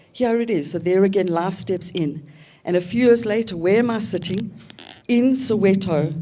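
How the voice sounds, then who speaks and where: A South African woman in her fifties, giving a reflective personal testimony as an invited seminar speaker, with pauses and fillers. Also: mid-range voice, mellow.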